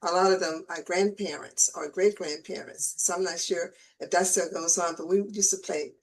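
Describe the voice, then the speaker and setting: A woman's voice: fairly low pitch, steady tone, moderate pace, low-quality recording. A woman hosting an interview show, talking casually and often repeating words as she gathers her thoughts. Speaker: host.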